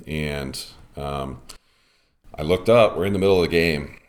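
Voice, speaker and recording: Very deep-voiced man telling a long story. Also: unhurried. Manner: rambling storytelling with many fillers. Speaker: podcast host and softball umpire. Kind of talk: casual podcast chat.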